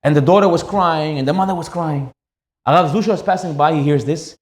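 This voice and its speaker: Fast-talking rabbi telling a story. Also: male voice, fairly high pitch, echoey room. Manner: animated, acts out the characters in his story. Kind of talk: storytelling sermon.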